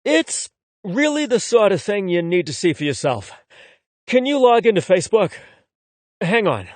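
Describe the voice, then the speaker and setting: A male narrator plays a shameless young guy, blunt and loud about crude things and quick to rant. His delivery swings through a wide, lively range. The sound is close and dry. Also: sits high, no echo, voice pushed up. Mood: breezy. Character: brash, indignant young man, blunt and shameless.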